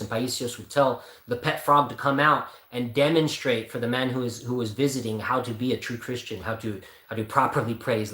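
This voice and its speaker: A man's voice: mid-range voice, fairly bright tone. Male host, mid-range voice, rambling conversational delivery, echoey room sound. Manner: rambling, thinks aloud, corrects himself. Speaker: channel host. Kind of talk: casual spiritual talk and reading. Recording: roomy echo.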